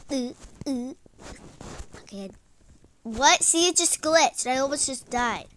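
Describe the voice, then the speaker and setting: A woman's voice: sits high, expressive, slow, fairly bright tone, a little hiss or hum, rough recording. A woman giving casual, stressed-out gameplay commentary, exclaiming often and saying "like" a lot. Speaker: gaming channel host.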